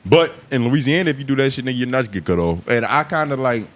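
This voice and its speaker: A man's voice: medium pitch, fast talker. A man co-hosting a podcast in casual chat, teasing and cutting in with profane slang. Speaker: podcast co-host.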